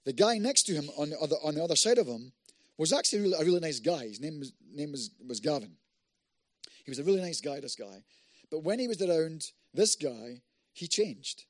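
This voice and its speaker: A man preaching a sermon, telling a personal story in a conversational way that builds to loud, emphatic passages. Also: a little high, big pitch swings, fairly quick, no echo, studio quality. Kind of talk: sermon testimony.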